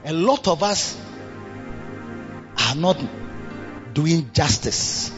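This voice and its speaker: A man preaching a sermon. He repeats himself and swings between low murmurs and loud bursts of emphasis. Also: expressive, extremely slow, dull audio, music in the background.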